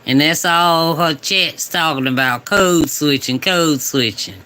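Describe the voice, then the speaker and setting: A man co-hosts a live commentary stream in a laid-back, amused way. He talks very slowly. His voice is bright and clean. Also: fairly high pitch, clean tone. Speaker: co-host.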